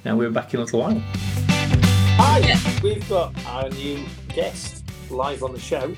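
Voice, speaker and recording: A man's voice: medium pitch, very animated, a little slow, loud music behind the voice. A man with a northern English accent, co-hosting a casual dog-training chat and acting out little scenes as he talks. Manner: chatty, jokey, acts out little scenes. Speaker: podcast co-host.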